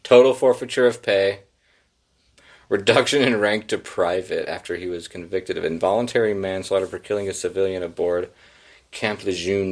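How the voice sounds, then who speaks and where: A man hosting a solo podcast, reading headlines and riffing on them in a sarcastic, profane, rambling way. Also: deep voice. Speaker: podcast host.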